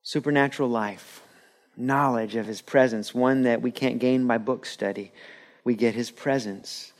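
A man preaching a sermon in a church, animated and laughing with the audience, acting out quotes. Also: medium pitch. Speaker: pastor.

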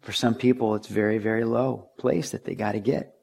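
A man's voice: lowish voice, fairly even intonation, fairly quick, gravelly, dark tone, slightly rough. A middle-aged man preaching a sermon in a conversational way, telling stories and acting out the voices of the people in them. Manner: conversational preaching, acts out quoted voices, rises to urgent pleas. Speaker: pastor.

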